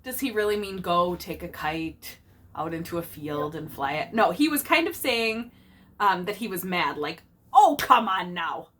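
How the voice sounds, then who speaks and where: A woman reading a picture book aloud to her child, pausing to explain idioms and acting out the characters. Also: on the low side, animated, a bit bright, slight background noise.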